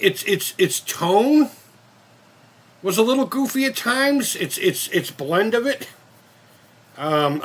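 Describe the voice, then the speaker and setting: Husky fifty-year-old man rambling. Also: on the high side. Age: 50s. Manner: rambling, profane, many restarts. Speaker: channel host. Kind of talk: casual live-stream chat.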